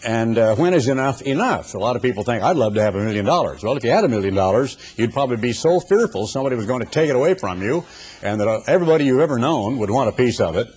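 A man's voice: medium pitch, animated, fast, a little mellow, husky. An older man preaching a sermon, telling folksy stories with humorous asides before turning to scripture. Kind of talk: sermon with anecdotes.

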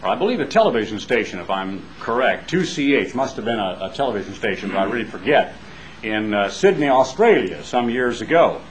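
A man with an American twang, an evangelist giving a broadcast sermon in a conversational preaching manner, slowing down to stress key phrases. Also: on the low side, very animated, slight background noise, rough recording. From United States.

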